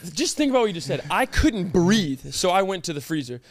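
A young man co-hosting a podcast in casual chat, teasing and animated, with some cursing. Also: high-pitched, a little fast. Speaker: podcast co-host.

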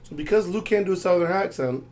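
A man's voice: sits high, expressive, quick pace, darkish tone. A man co-hosting a casual talk podcast, ranting with exasperation. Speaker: podcast co-host. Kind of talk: casual wrestling recap chat.

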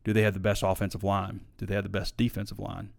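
A man's voice: on the low side, level tone, quick pace, creaky. A man hosting a live sports talk show, chatting casually and opinionated, reading viewer comments and arguing back. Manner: opinionated, conversational, frequent fillers.

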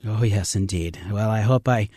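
Middle-aged man, rafting guide on a radio interview; earnest, halting teller, dry close mic. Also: fairly low pitch, dark tone, no echo. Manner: earnest storyteller, halting with fillers. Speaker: river rafting trip leader.

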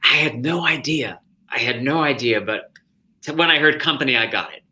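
A man in an interview, an actor guest spinning an animated anecdote. His tone is bright and sharp, and he keeps breaking off and restarting with enthusiasm. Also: mid-range voice, moderate pace. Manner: animated, self-interrupting storyteller.

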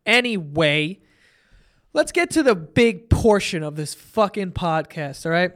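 A man's voice: high-pitched, animated, unhurried, fairly bright tone. Profane, exasperated man ranting on a podcast. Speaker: podcast host. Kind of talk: casual solo podcast rant.

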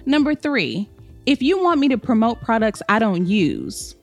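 A woman's voice: on the high side, wildly swooping pitch, a little slow, faint music behind. A young woman hosting her own podcast in a sassy, emphatic monologue, calling listeners honey and babe. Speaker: podcast host. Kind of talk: casual solo podcast monologue.

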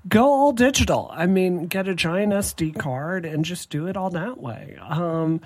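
A podcast co-host talking casually at a middle pitch. The delivery is wry and joking, with blunt, confident opinions. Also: animated, unhurried. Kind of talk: casual chat.

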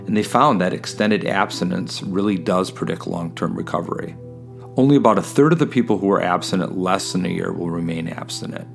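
A man hosting and narrating a scripted introduction in a measured way, citing study statistics. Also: sits low, vocal fry. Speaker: host.

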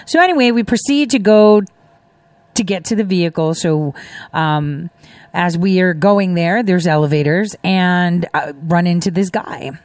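A woman's voice: lowish voice, unhurried, darkish tone, no room sound. Middle aged woman hosting, chatty storyteller, dry close sound. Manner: chatty storytelling with laughing asides. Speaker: host. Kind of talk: casual commentary.

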